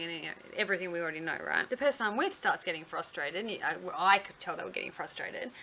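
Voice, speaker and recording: Blunt, bright-voiced woman vlogger. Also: lowish voice, fast talker, few pauses, a little hiss or hum. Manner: blunt, sarcastic, swears freely. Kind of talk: storytelling vlog.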